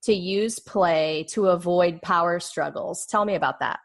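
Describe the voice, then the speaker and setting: A woman hosting a podcast interview, asking questions in a relaxed, hesitant way. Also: on the low side, a little slow. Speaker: podcast host.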